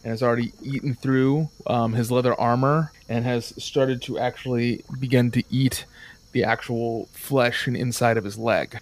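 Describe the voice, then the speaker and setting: A man narrating as game master of a tabletop game, describing scenes in a relaxed way with fillers. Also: medium pitch, moderate pace.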